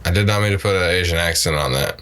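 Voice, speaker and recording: A young man co-hosting a podcast in casual chat, blunt and profane with deadpan humor. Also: low voice, fast, a little hiss or hum. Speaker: podcast co-host.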